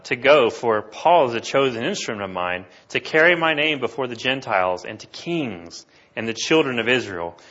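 Preaching man with a bright voice. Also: mid-range voice, muffled recording. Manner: animated, asks the congregation questions. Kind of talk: sermon.

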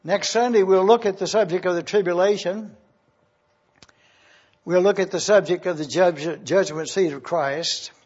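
Preacher guy, high voice, takes his time, spells words out, muffled lo-fi sermon tape. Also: darkish tone, husky. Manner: slow and deliberate, spelling out terms. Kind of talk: teaching sermon with scripture reading. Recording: dull lo-fi sermon recording.

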